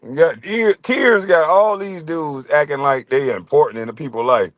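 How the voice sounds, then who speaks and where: A man's voice: a little high, normal speed, no room sound. A man hosting his own livestream, ranting in a profane, mocking way and laughing often. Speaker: livestream host.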